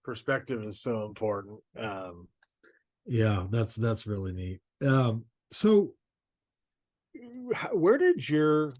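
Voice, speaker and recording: A man hosting an interview who asks questions in a halting, searching way. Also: mid-range voice, big pitch swings, a little mellow. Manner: halting, searching phrasing when asking questions. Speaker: interview host.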